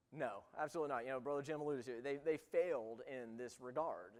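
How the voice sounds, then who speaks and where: Man teaching a Bible class in a hall. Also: medium pitch. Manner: reads scripture aloud, then explains in loose, halting asides. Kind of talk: church Bible lesson. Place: church room.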